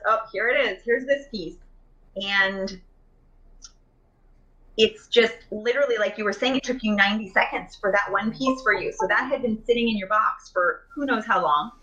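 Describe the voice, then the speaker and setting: A woman's voice: medium pitch, moderate pace, bright, forceful tone, dull audio. A woman in a casual conversation about emotional healing, chatty, with many fillers and restarts, speaking over a video call.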